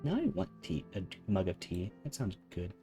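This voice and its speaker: Soft-spoken, chill man streaming a game. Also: low voice, big pitch swings, moderate pace, soft background music. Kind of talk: casual chat while gaming. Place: home room with rain on the ceiling.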